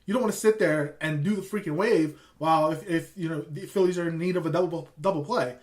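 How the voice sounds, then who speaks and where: Higher-pitched guy on a podcast, kinda frustrated, keeps asking what's up. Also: fast talker, darkish tone. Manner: frustrated, questioning, stumbling restarts. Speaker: podcast co-host. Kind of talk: casual podcast chat.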